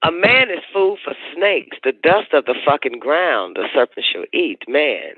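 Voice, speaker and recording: A man's voice: on the high side, big pitch swings, unhurried, slightly rough, no echo. A man hosting a call-in radio show, delivering a profane, preachy monologue and repeating his points. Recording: dry, narrow phone-like sound.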